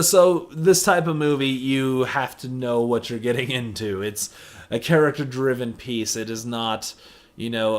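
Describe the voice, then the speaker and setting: A man giving a casual movie review, chatty and sarcastic, often saying "you know". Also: mid-range voice. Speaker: film reviewer.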